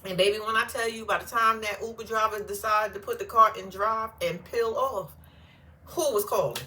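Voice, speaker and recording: At a normal speed, a woman with a bright, forceful mid-range voice hosts a casual reality TV recap. Her reaction commentary is blunt and animated, full of cursing and laughter.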